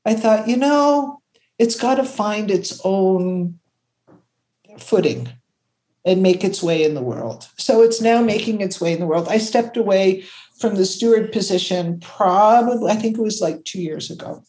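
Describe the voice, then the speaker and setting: An older woman from Canada, a creativity consultant, telling stories in an animated, conversational way and acting out the voices she quotes. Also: unhurried. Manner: expressive, acts out quotes, jumps to high pitch when excited.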